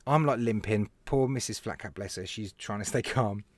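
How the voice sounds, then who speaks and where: A British man hosts a casual live stream, telling animated stories, laughing and addressing viewers by name. He reviews vapes, and his voice is on the low side at a moderate pace, with no echo.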